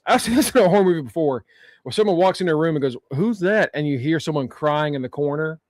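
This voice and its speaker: A man's voice: a little high, fast talker, no room sound, clean studio sound. A man co-hosting a casual wrestling podcast, telling the story with laughs and acted-out quotes. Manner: animated storyteller, laughs often, acts out quotes. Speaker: podcast co-host. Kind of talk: casual wrestling recap chat.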